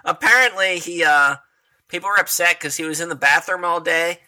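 A man's voice: a little high, fairly quick, bright, forceful tone. A man telling stories in casual conversation, chatty and laughing often. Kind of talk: casual conversation about poetry.

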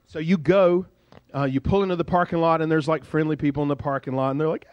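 Storytelling male pastor, fairly high voice. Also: fairly quick, no room sound. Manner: lively casual storytelling, conversational. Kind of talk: sermon.

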